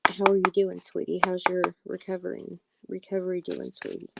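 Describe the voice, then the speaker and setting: A woman reading oracle cards on a live stream, talking softly and affectionately to viewers and often apologizing. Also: on the low side, monotone, a little fast, creaky, very noisy. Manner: soft-spoken, affectionate, calls viewers sweetie and honey; apologetic and reassuring. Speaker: livestream tarot and oracle card reader.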